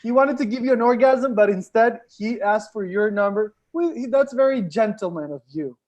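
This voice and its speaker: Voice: medium pitch, moderate pace, darkish tone, highs cut off. A host emceeing an online comedy show over a video call, upbeat and coaxing the audience.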